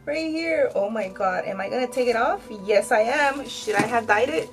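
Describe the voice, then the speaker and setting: A woman's voice: fairly high pitch, measured pace, soft background music, rough recording. A woman in her thirties chatting candidly to her viewers while she dyes her hair, fillers all through. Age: 30s. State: tearful at times. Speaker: vlogger. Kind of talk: casual chat while dyeing her hair.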